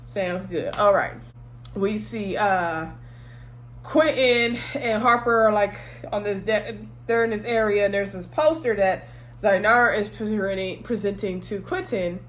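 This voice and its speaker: A woman's voice: mid-range voice, measured pace, fairly bright tone, slight background noise. A woman casually recapping a TV episode, chatty, with sassy exclamations and asides.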